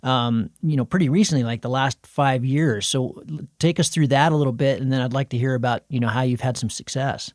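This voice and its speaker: A man's voice: mid-range voice, brisk, hardly any pauses, no echo, clean studio sound. A man hosting a podcast, telling stories in a loose, rambling way full of fillers and restarts. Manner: rambling, animated storyteller with many fillers. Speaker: podcast host. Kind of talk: casual storytelling chat.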